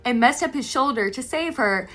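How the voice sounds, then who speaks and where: A woman voicing a young female apothecary in a measured, matter-of-fact way. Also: high voice, animated, fairly bright tone, faint music behind.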